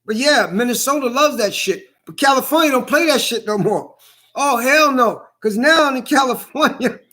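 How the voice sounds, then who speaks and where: A man's voice: very high voice, pushed and bright. A middle-aged man in a blunt, profane ranting monologue who hammers the same points again and again.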